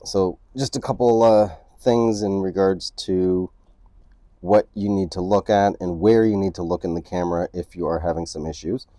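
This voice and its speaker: A man's voice: low-pitched, fairly even intonation, normal speed, warm tone, no room sound, studio quality. A man hosting a casual camera tutorial at home. He explains each step and keeps checking in with the viewer by asking "right?". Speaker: photography channel host. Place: indoors at home near a couch.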